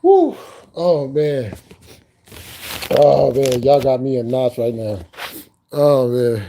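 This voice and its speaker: On a casual live stream, a man cracks jokes with viewers and laughs nearly nonstop, using loose, profane talk with lots of repetition. His voice is medium-pitched, mellow and darker, with big swings in pitch and a slow pace, and there's slight background noise.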